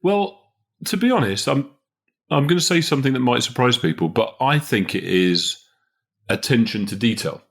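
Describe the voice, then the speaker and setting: A man's voice: mid-range voice, expressive, normal speed, vocal fry, a bit bright. A man hosting a podcast, giving career advice in a casual, emphatic way and chuckling often. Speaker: podcast host, business consultant.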